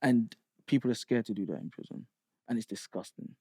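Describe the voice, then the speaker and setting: A man's voice: mid-range voice, a little fast, husky. A man, a podcast guest telling stories in casual chat and acting out the voices of people he quotes. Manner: animated, acts out quoted voices, London slang.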